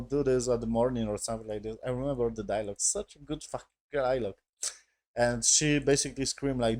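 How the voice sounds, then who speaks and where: Excitable swearing man recapping a show. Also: medium pitch, brisk, dry recording. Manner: excitable, swears often, non-native phrasing with filler "yes?". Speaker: show reviewer. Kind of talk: casual recap and review.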